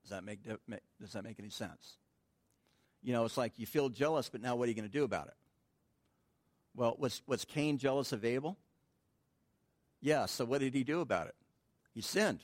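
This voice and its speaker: A man's voice: medium pitch, normal speed, long pauses, no room sound. A man teaching a midweek Bible study in a conversational, informal way, asking the room questions and answering them himself.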